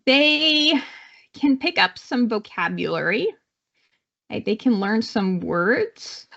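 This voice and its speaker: A woman's voice: a little high, very animated, slow, creaky, a bit bright, highs cut off. A woman with a Canadian accent giving a live online psychology lecture in a conversational way, with many fillers and restarts. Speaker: psychology instructor.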